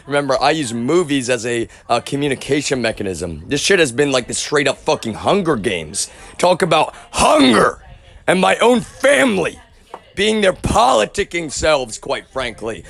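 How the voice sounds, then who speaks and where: A man's voice: medium pitch, fairly bright tone. A man streaming live, ranting angrily in a profane way and saying "y'all" often. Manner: angry, profane, repeats "y'all". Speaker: livestreamer.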